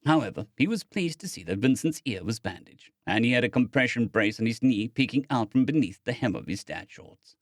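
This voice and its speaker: A man narrating a science-fiction audiobook in an expressive storytelling manner. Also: mid-range voice, fairly quick, few pauses, no room sound, clean studio sound. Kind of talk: scripted narration.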